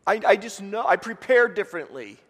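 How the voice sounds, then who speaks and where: A man in his forties preaches with a high voice. He tells stories from his home and mimics his family's voices. The sound rings with a long hall reverb. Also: big pitch swings, a little fast, a bit bright. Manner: storytelling, imitates family voices. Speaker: pastor. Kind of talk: sermon.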